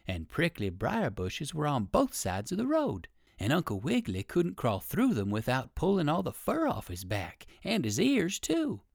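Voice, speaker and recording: Man reading a children's story, lively. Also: mid-range voice, gravelly, no echo, clean studio sound. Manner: lively, sing-song storytelling. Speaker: audiobook reader.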